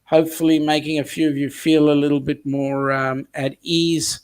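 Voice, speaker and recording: An Australian man hosts a casual livestream, his fairly high voice rambling along with plenty of ums. He reads viewer comments aloud as he chats. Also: level tone, moderate pace. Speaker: host of a cruise chat livestream.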